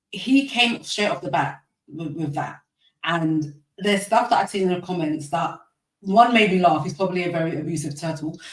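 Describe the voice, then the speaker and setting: A woman on a discussion panel, giving her opinion emphatically and repeating her points. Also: on the low side. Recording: echoey and distant from the mic.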